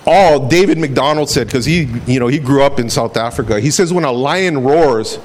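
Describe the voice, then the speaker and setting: A man's voice: medium pitch, moderate pace, a little hiss or hum. Man preaching. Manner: conversational preaching with acted-out quotes. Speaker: pastor. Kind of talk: sermon.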